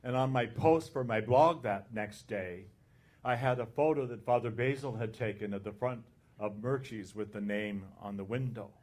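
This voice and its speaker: A man who is an abbot, telling an anecdote in a conference talk and recounting the dialogue in an unhurried way. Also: mid-range voice, darkish tone.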